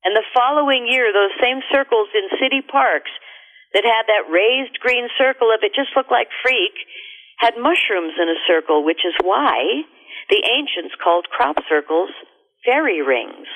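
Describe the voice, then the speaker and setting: A middle-aged woman, a radio guest, telling a story in an animated, expressive way. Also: on the high side, measured pace. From America. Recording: tinny phone line.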